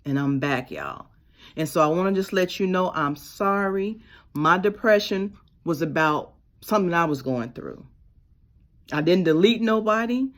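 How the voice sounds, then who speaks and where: A woman with a tells her story straight to the camera in a personal vlog. Her voice sits on the low side. She drops to a hush, then rises to emphatic bursts. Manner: expressive, swings from hushed to emphatic. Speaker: vlogger.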